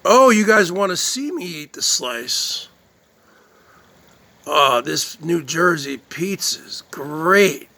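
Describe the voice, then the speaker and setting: A man's voice: fairly high pitch, animated, takes it slowly, vocal fry, heavily acted. A man doing a bragging Jersey pizza lover. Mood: boastful. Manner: loud smacking yummy sounds, bragging. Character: boastful Jersey man savoring pizza slices.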